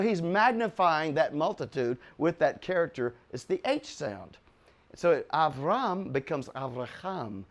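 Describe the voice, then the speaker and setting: Older man, Bible teacher, fairly high voice, excitable, chuckling, loud bursts for emphasis. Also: a little slow.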